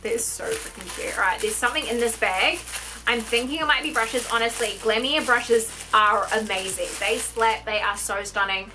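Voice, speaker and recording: A young woman gushing and gasping her way through an excited makeup unboxing vlog. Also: fairly high pitch, moderate pace, background noise. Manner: gushing, gasping, exclaims constantly. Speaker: beauty vlogger.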